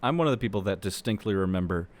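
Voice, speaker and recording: Lowish guy running the podcast chat, jumps in quick. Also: animated. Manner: leads the talk, quick interjections. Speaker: podcast co-host. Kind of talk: casual chat.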